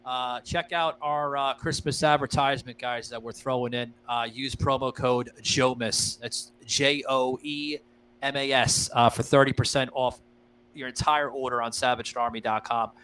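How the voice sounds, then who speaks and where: A man's voice: medium pitch, steady tone, moderate pace, fairly bright tone, clear, resonant tone, rough recording. A man hosting a casual podcast, talking loosely with lots of uh fillers, swearing freely and addressing his listeners as guys. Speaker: podcast host.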